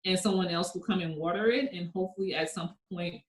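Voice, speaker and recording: Low-voiced reflective woman, echoey room. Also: steady tone, fast. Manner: earnest and reflective, laughing softly. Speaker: guest, kindness network founder. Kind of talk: conversational interview. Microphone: video call.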